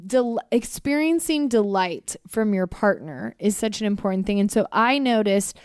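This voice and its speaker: A woman's voice: medium pitch, normal speed, smooth, no room sound, studio quality. A woman co-hosting a relationship podcast, chatting casually with her husband and acting out playful quotes. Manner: animated, acts out playful quotes. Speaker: podcast co-host.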